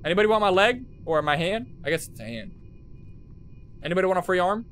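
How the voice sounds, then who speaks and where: A young man streaming a horror game, jumpy and swearing, talking to his chat and shouting at those who laugh at him. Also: sits high, sing-song, fast talker, a little hiss or hum. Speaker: gaming streamer. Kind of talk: live horror game commentary. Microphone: headset.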